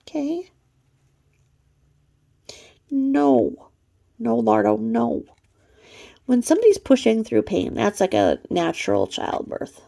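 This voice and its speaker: Woman, gravelly voice, slow drawl, profane mocking gossip commentary. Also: fairly high pitch, wildly swooping pitch, dark tone. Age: adult mother. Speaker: commentary channel host.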